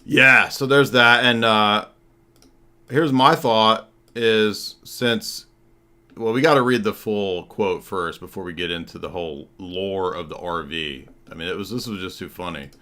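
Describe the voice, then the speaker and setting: A man's voice: lowish voice, a little slow, bright, forceful tone. A man hosting a livestream as a comedian, talking casually in a sarcastic, mocking way with rambling asides.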